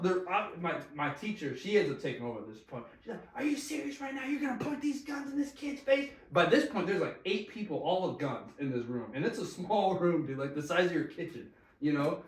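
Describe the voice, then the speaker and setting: A man's voice: sits high, animated, a little fast, distant mic. A man casually telling a long story, laughing often and swearing freely in slangy talk. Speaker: podcast guest telling a story. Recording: echoey room, voice a bit off-mic.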